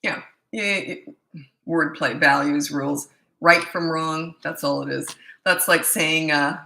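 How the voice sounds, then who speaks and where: A woman's voice: low-pitched, fairly even intonation, a little slow, vocal fry, pushed and bright, echoey room. Blunt, emphatic woman parenting coach. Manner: emphatic, blunt, repeats points for stress. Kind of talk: casual advice monologue.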